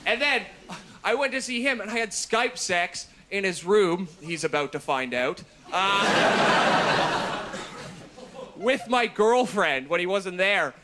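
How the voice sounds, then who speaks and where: High-voiced young male stand-up comic. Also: slow, noisy background. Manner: deadpan delivery with sudden shouted bursts. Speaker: stand-up comedian. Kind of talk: stand-up routine on TV. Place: TV studio stage before an audience.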